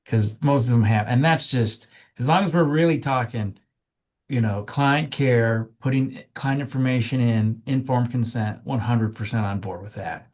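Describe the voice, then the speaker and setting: A man's voice: medium pitch, moderate pace, a little mellow. A man on a committee talking casually and emphatically during a meeting discussion. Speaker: committee member.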